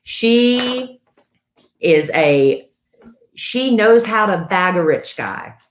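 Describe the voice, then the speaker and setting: Opinionated woman co-host, low voice, in a reverberant room. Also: lively intonation, takes it slowly, slight background noise. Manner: chatty, opinionated, interjects often. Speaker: radio show co-host. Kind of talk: casual banter on a live stream. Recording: roomy echo.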